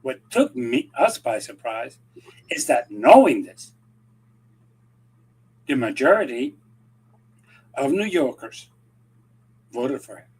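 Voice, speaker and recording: Husky-voiced man, animated political talk. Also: mid-range voice, slow pace, pauses often, poor audio. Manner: animated, rambling, acts out quoted dialogue. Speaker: regular commentator. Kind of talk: casual political chat.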